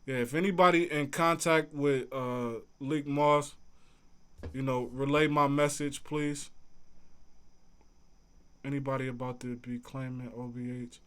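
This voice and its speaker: A man's voice: medium pitch, steady tone, a little slow, pauses often, fairly bright tone, clean tone. A man hosting a casual livestream, answering chat in a laid-back, conversational way. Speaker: livestream host reading chat.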